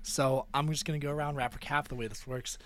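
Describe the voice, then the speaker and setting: A man's voice: medium pitch, fairly even intonation, fast, a bit bright. Man playfully hosting a guessing game. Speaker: game host. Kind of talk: casual banter among friends.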